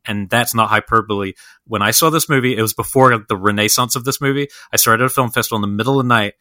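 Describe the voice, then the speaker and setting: A man's voice: mid-range voice, quick pace, sharp tone, dry recording. A man co-hosting a podcast in casual film chat. He talks enthusiastically and rambles with lots of fillers and restarts. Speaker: podcast co-host.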